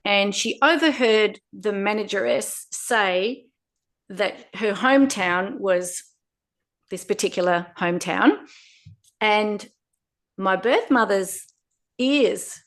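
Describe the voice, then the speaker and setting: A woman's voice: medium pitch, slow. Woman telling a personal story. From Australia. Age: 50s. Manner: animated, laughs often while telling a story. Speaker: guest.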